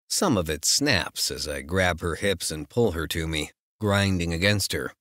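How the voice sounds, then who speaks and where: A man narrating a first-person romance audiobook in a measured, unhurried way. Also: very deep voice, fairly bright tone, no room sound, clean studio sound.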